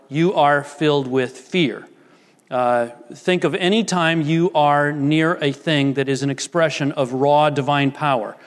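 Animated male preacher in a reverberant hall. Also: a little high. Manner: animated preaching, emphatic, slows on key phrases. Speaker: pastor. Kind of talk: sermon. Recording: long reverb of a large hall.

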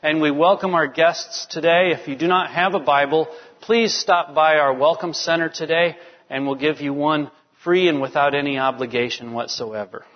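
A man preaching a sermon as pastor, reading scripture and teaching in a measured way to his congregation. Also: a little high, in a large hall, dull audio. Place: church sanctuary.

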